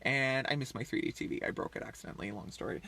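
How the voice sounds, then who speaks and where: A man's voice: mid-range voice, fast talker, gravelly, pushed and bright. A man in his thirties rambling casually on a livestream, chatty and full of fillers, often trailing off. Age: 30s. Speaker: livestream host.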